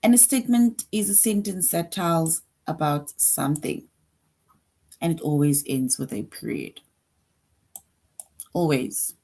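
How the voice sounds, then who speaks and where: A woman speaking slowly and patiently, as if walking young children through a grammar lesson. Her voice sits a little low, and she repeats each point and checks in with the class before moving on. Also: warm tone. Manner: slow, patient, repeats points with frequent "right?". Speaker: teacher.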